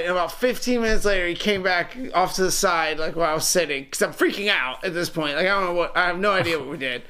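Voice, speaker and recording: A man's voice: high voice, quick pace, few pauses, bright, forceful tone. A young man casually telling a rambling, profane story to friends, laughing as he goes. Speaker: podcast co-host telling a story.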